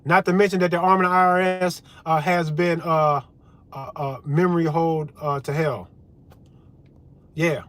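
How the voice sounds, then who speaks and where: Brief: male commentary vlogger, somewhat high-pitched, angry profane rant aimed at the audience. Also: fairly even intonation, unhurried, a bit bright. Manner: fired-up, swearing, talks straight to viewers.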